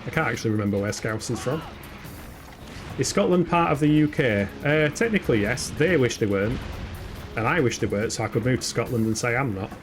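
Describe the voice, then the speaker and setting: A man's voice: mid-range voice, lively intonation, a little fast, faint music behind. Chatty Yorkshire man streaming a game. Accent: Yorkshire English. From England. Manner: chatty, laughs often, swears, answers chat aloud. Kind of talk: casual live-stream chat while gaming.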